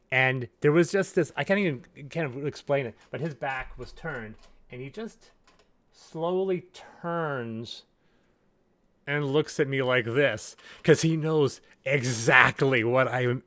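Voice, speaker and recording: Animated middle-aged man, dry close sound. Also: mid-range voice, dry recording. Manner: animated, acts out players' lines. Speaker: game master. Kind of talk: storytelling monologue.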